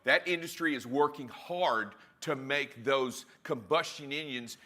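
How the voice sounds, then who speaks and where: A man's voice: mid-range voice, unhurried, bright, forceful tone. A man co-hosting a live trucking broadcast and presenting the weather, speaking emphatically and often repeating words as he starts a sentence.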